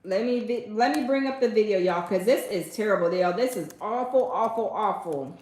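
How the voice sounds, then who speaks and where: A woman's voice: medium pitch, a little fast, darkish tone. Emphatic woman talking to viewers, echoey room. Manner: repetitive, emphatic, addresses viewers as y'all. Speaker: commentary host. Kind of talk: casual reaction commentary.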